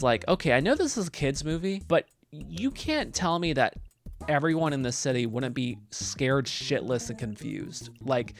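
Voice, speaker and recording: A man's voice: medium pitch, a bit bright. Chatty young man reviewing a movie. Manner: chatty, swears freely, acts out quotes in mocking voices. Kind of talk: casual spoken review.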